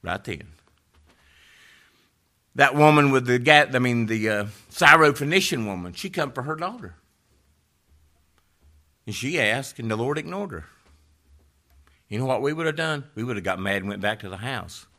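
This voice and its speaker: A man preaching a sermon, rising to loud fervent peaks and dropping to hushed, low emphasis. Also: lively intonation, moderate pace, long pauses.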